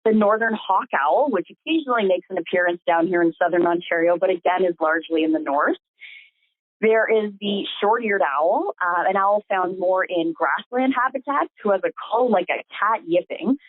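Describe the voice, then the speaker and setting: A woman's voice: on the low side, normal speed, no room sound. A woman biologist giving a friendly presentation on a conference call. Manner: friendly, mimics owl calls. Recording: tinny phone line, dry.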